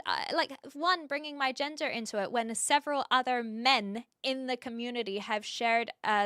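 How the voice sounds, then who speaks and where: A woman's voice: a little high, gravelly, bright, forceful tone, no echo, clean studio sound. A woman streamer in casual chat with viewers, speaking earnestly with frequent fillers and restarts.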